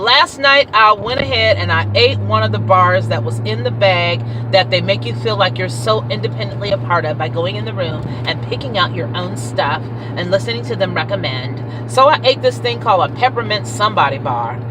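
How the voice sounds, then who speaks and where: Middle-aged woman, vlog rant from a parked car, bright and emphatic, faint road noise. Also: a little high, low-quality recording. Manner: emphatic, exasperated, repeats words for effect. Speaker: vlogger. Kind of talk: animated storytelling rant.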